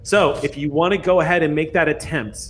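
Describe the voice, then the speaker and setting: A man running a tabletop role-playing game as game master, narrating and setting rolls in a relaxed, chatty way. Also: fairly high pitch, brisk, soft background music. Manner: relaxed, chatty, with fillers and laughs.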